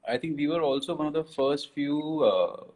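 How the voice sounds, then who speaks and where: A man's voice: a little high, normal speed, a little mellow, poor audio. A man with an Indian English accent, hosting a casual live-stream interview and speaking hesitantly with many filler sounds. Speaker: host.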